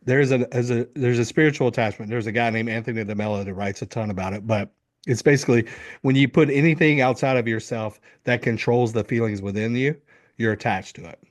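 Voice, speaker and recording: Slightly fast and mid-range in pitch, a middle-aged men's coach shares a story in an interview. He plays out the quotes with animation and doesn't hold back on swearing.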